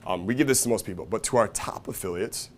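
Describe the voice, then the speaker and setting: Speaking fast to a live audience, the seminar speaker, a man whose voice sits below average, keeps things casual, energetic and full of profanity, punctuated by "right?" and "okay?" His quotations turn into loud, high-pitched impressions with big pitch and volume jumps. Faint room noise runs under it all.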